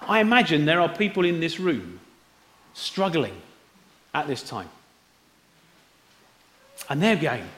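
Slow, bright-voiced male preacher in echoing hall. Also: a little high, expressive. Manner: conversational, asks the congregation questions. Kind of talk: Easter sermon. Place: church hall. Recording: roomy hall echo.

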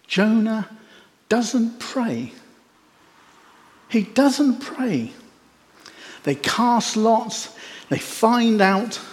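Male preacher, sermon, animated wry storytelling, lively pitch, echoey hall.

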